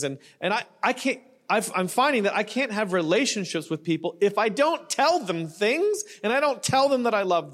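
His voice is high with a fairly bright tone. In his sermon, the non-Australian middle-aged pastor stays loose and conversational, cracking jokes and regularly turning to the congregation with "you know" and "right?"

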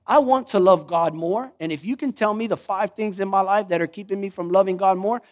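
A man preaching a sermon in an animated way, acting out the voices he quotes. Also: sits high, fairly quick. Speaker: pastor.

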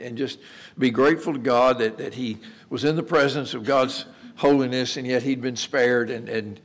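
A man preaching a sermon in a conversational way, asking rhetorical questions and repeating words as he restarts. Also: medium pitch. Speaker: pastor.

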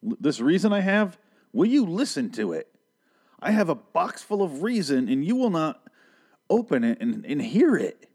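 A man's voice: a little high, big pitch swings, normal speed, darkish tone, husky, pitched above the performer's own voice. A man voicing an exasperated young man in a sarcastic, mock-pleading rant.

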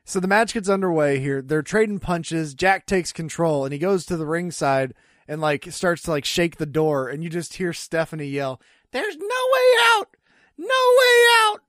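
A relaxed man co-hosting a wrestling podcast, his voice sitting a little higher than most men's. He reads out match details in an easy, chatty way with quick laughs. The recording is dry and close. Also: dry recording. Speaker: podcast co-host. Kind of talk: casual wrestling review chat.

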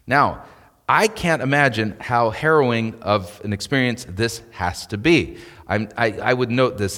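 A man's voice: fairly low pitch, a bit bright, in a large hall. A male pastor preaching a sermon in a conversational way, rising to emphatic peaks.

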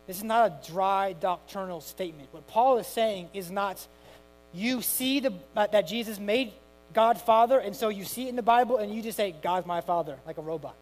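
A middle-aged man preaching a sermon with passion, moving from hushed tones to loud cries. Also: sits high, moderate pace, low-quality recording. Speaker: pastor.

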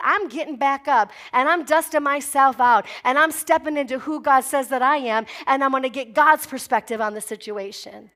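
A woman pastor with a high voice delivers an emphatic sermon. She is middle-aged and drives her points home with forceful spoken declarations. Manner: emphatic preaching, declaring commands with rising force.

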